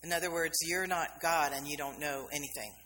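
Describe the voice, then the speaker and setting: Bright-voiced woman preaching in a hall. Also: low-pitched, fairly even intonation, brisk. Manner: conversational storytelling, acting out quoted voices. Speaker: minister. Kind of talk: sermon. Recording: reverberant hall, faint background noise.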